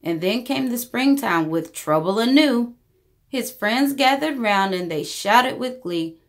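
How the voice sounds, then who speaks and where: Woman, storyteller, children's read-aloud, rhyming, very lively pitch, expressive. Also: a little slow.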